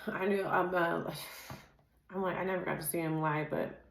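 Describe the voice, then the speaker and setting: Casual woman tarot reader, lowish voice, word lists, chatty asides, roomy echo. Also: fairly even intonation, gravelly, slight background noise. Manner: rattles off card keywords in quick lists; laughs easily and chats off-topic.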